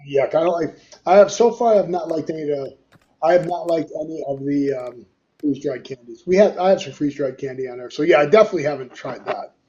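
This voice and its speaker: A man's voice: on the high side, fast talker, warm tone, dull audio, a little hiss or hum. A man co-hosting a casual talk show, teasing his partner with quiz-style banter. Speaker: podcast co-host. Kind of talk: casual chat.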